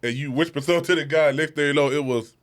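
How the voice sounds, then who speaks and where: A man telling stories in an animated, casual way, swearing often, on a comedy podcast. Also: on the high side, rapid-fire. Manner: animated, swears freely, laughs into his stories. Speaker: podcast co-host.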